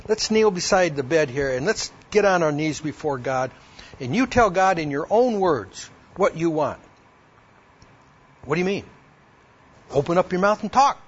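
Telling his testimony to a women's audience, this man reenacts both voices from an old conversation and reads scripture aloud. His high-pitched, husky voice is expressive and moves at a moderate pace, and the recording sounds dull and lo-fi.

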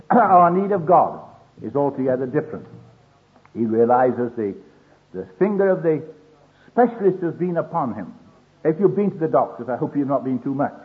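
An older man preaching a sermon in an earnest way, acting out the voices he quotes. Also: a little high. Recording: tinny phone-like old sermon tape.

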